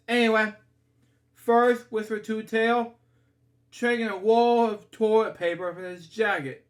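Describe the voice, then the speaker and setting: Slow, high-voiced man reading a storybook. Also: fairly even intonation, fairly bright tone. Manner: stumbling, chatty, breaks off to comment and apologize. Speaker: storybook reader. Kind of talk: casual read-aloud of a children's book.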